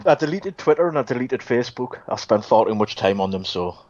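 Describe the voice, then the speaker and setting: A man's voice: mid-range voice, animated, a little fast, a little mellow, dry recording, dull audio. A man calling into a live show, talking bluntly and wryly with enthusiasm. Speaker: caller. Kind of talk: casual chat over a call.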